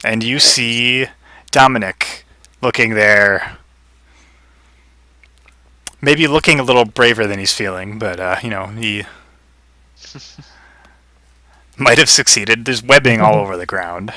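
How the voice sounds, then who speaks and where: A man runs a tabletop game in a loose, chuckling way. He speaks slowly, and his voice is bright and forward. The mic is close and dry. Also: on the low side, dry recording. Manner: relaxed, chuckling, loose narration with fillers. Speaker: game master.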